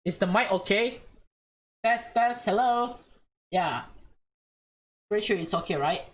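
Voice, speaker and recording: A woman's voice: medium pitch, lively intonation, poor audio. A young woman reading a visual novel aloud and reacting emotionally as she plays. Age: young adult. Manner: emotional, chatty, slow reading. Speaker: let's play streamer.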